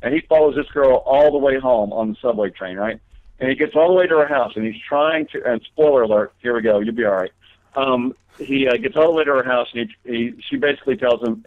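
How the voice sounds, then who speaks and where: A man's voice: medium pitch, brisk, no echo. A man talking as a guest comedian in a casual interview, telling long rambling stories with many fillers and restarts. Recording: tinny phone line.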